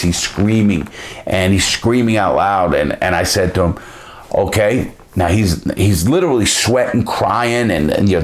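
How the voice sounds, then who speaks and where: A man with a deep, low voice tells stories in a casual, blunt way. He swears freely and often stops to restart his sentences. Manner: blunt, profane, with frequent restarts. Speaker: storyteller. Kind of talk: casual storytelling.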